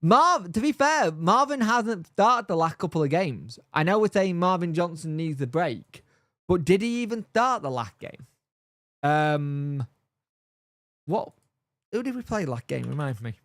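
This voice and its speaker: Male fan host, rambling casual chat, slightly higher voice, dry close sound. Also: sing-song, measured pace, fairly bright tone, no room sound. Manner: rambling, thinking aloud with many fillers. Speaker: football fan channel host. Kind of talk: casual live-stream chat.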